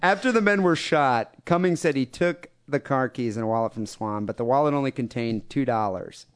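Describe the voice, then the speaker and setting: A man's voice: mid-range voice, fairly quick, smooth. A man with a Midwestern American accent hosting a podcast. He reads news stories aloud in a loose, jokey way and laughs often between lines. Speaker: podcast host. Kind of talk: casual chat, reading news stories aloud.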